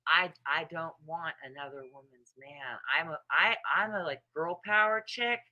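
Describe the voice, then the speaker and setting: On lo-fi sound, a livestream host in her thirties reads comments and gossips bluntly about other people, laughing a lot and cursing. She speaks at normal speed in a low-pitched, bright and forceful voice.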